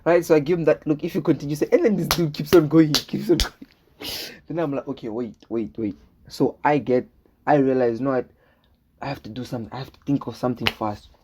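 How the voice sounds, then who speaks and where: Young guy telling a storytime, rambly, keeps saying right?, mellow dark voice. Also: a little high, fairly even intonation, fast, slight background noise. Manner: rambling, repeats words, checks in with "right?"; acts out dialogue in his retelling. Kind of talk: casual storytime vlog.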